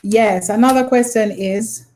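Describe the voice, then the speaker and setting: A woman's voice: medium pitch, measured pace, darkish tone, a little hiss or hum. A woman hosting a live online trivia quiz, patiently repeating her questions and prompting viewers. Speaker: quiz host.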